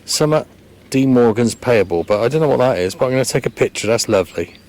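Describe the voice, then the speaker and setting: A man's voice: medium pitch, quick pace, darkish tone, a little hiss or hum. A man vlogging his metal detecting in a farm field, thinking aloud in a hesitant, chatty way as he talks to the camera. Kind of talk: casual commentary to camera. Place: open farm field outdoors.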